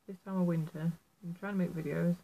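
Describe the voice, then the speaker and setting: A woman's voice: on the low side, fairly even intonation, fast, gravelly, warm tone, breathy edge, poor audio. A woman with a Yorkshire accent giving a casual how-to tutorial on needle felting, chatty and self-deprecating, making apologetic asides as she works indoors at home. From Yorkshire, England. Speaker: felt artist teaching a tutorial.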